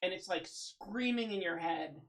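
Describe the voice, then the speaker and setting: A woman with a lowish voice runs a tabletop roleplaying game as its game master. She talks in a hesitant way, full of ums and small laughs. Her narration is loose and conversational. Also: a little slow, background noise.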